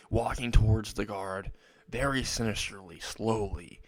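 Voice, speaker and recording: A man's voice: fairly low pitch, fairly even intonation, takes it slowly, a little mellow, dry recording. A young man narrating an improvised fan-fiction story, rambling and restarting mid-sentence.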